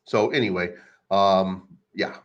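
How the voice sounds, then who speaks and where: Man, low voice, rambling crude rant, mocking, lo-fi dull recording. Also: fairly even intonation, slow. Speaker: crypto channel host. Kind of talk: casual unscripted rant.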